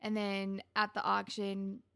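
A young woman in casual chat, recapping a TV episode and acting out the characters' lines with animated energy. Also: medium pitch, takes it slowly, vocal fry, smooth, no echo, clean studio sound. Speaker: podcast co-host recapping a TV episode.

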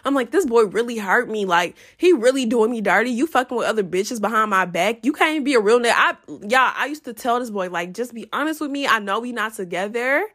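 Young woman, lively storytime, bright, swooping pitch. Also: brisk, hardly any pauses. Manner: animated, profane, addresses viewers as y'all. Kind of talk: casual storytime to camera.

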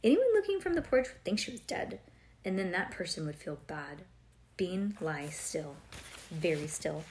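A woman's voice: fairly low pitch, very animated, normal speed, darkish tone, a little hiss or hum. Chatty woman reading a storybook aloud. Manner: conversational, quizzes the listener, digresses with "like" and "um".

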